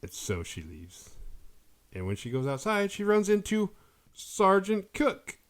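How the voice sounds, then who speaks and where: A man casually recapping a horror movie on his podcast, acting out characters' lines as he goes. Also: high voice. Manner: animated retelling, quick quoted voices for characters.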